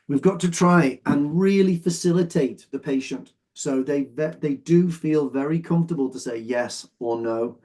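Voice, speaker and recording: In an online English exam lesson, a man with a fairly high, warm voice explains patiently while sorting phrases. He checks often that his students are keeping up.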